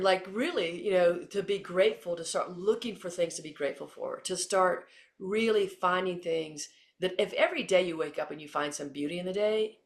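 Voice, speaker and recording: A former Olympic athlete turned coach, this middle-aged Texan woman answers interview questions animatedly, acting out each quote as she tells her stories. Her voice is on the low side.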